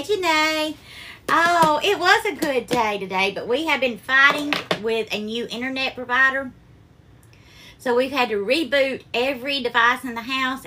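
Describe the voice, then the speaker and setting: Southern woman, cooking-stream host, high bright voice, faint hiss behind. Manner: affectionate, calls viewers darling and honey. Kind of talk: live cooking stream, greeting viewers. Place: home kitchen.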